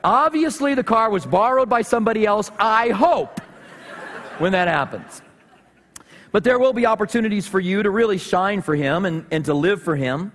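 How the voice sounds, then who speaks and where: A man preaching a sermon as pastor, animated and joking as he tells stories. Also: sits high, normal speed. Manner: animated, humorous storytelling. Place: church sanctuary. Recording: long reverb of a church hall.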